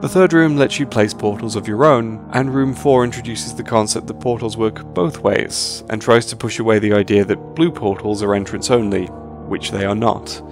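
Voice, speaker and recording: A man's voice: fairly low pitch, normal speed, few pauses, music in the background. A man narrating a scripted video essay about games, with dry, sarcastic humor.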